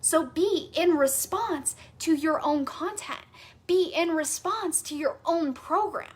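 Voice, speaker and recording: A woman's voice: extremely high pitch, takes it slowly. A woman coach teaching a live masterclass, enthusiastic and emphatic, repeating phrases for stress with casual fillers. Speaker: sales and human design coach.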